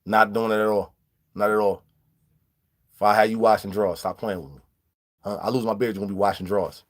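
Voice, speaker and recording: Speaking fairly quickly in a lowish, steady voice, a man casually recounts prison stories in a storytelling vlog. He greets live viewers and acts out quoted dialogue in street slang.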